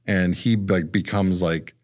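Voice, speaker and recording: A man's voice: low-pitched, fairly even intonation, measured pace, darkish tone. A man co-hosting a casual horror podcast chat, acting out quoted lines as he talks and swearing freely. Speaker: podcast co-host.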